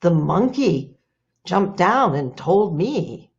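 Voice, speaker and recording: A woman's voice: lowish voice, sing-song, takes it slowly, a little mellow, dull audio, full character voice. A woman voicing a snorting, squealing pig in a told folktale. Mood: frantic.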